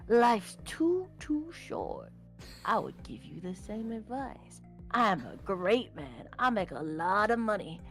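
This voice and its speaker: A woman's voice: mid-range voice, very animated, soft background music. A woman putting on a creepy smug older man. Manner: smug, slow, overly formal. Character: creepy middle-aged man pushing romance.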